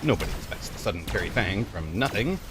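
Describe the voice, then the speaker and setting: A man's voice: lowish voice, sing-song, quick pace, background noise. A man streaming a strategy game, chatting casually and musing aloud to his viewers. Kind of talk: casual live-stream commentary.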